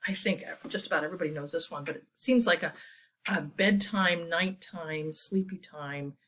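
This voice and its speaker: A woman children's librarian reading bedtime stories aloud, inviting young listeners to join in with animal sounds in a gentle, calming way. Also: fairly low pitch, normal speed. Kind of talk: children's story time read-aloud.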